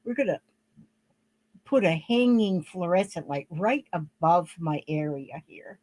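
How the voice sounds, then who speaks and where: A woman's voice: on the low side, lively intonation, unhurried, a little mellow. An older woman talking casually to camera at home while she shows her handmade crafts, rambling and homey, with lots of fillers and restarts.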